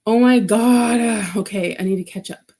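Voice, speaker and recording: A woman's voice: fairly high pitch, moderate pace, dark tone. A woman hosting a casual livestream, talking frankly with many restarts, nervous laughs and swearing. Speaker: livestream host. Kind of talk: casual livestream chat reading comments.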